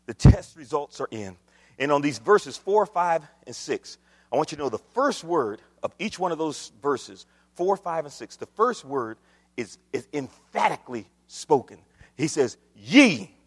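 A man preaching a sermon, swinging from hushed asides to shouted exclamations, addressing the church. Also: sits high, in a large hall. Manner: dramatic swings from hushed to shouted, call-and-response phrasing.

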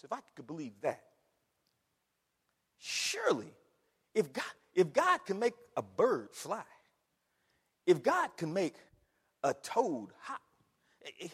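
A man's voice: sits high, fairly bright tone, slightly rough. A man preaching a sermon from the pulpit, emphatic, repeating words and firing rhetorical questions at the congregation. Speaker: pastor. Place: church sanctuary. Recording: long hall reverb.

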